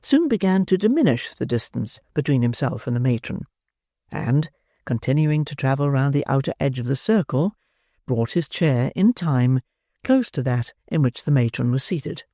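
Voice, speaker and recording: An audiobook narrator reading a classic novel in a measured, expressive storytelling manner. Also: medium pitch, dry recording. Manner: measured, expressive storytelling with dry wry emphasis.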